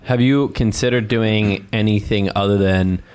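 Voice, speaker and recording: A man with a fairly low voice hosting a podcast conversation. He asks his guest questions casually and throws in joking remarks. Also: fairly even intonation, measured pace, a little mellow, clean tone.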